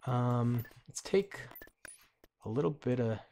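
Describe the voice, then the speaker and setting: A man giving casual, excitable, slangy commentary while playing a strategy game, talking to himself and his viewers. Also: medium pitch, measured pace, slight background noise. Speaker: gaming commentator. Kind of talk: casual let's-play commentary.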